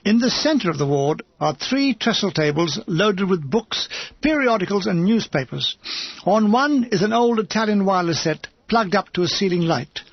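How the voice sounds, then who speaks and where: A man's voice: high-pitched, expressive, normal speed, dry recording, highs cut off. A man reading a comic war memoir aloud as an audiobook narrator, with a wry, dryly comic delivery.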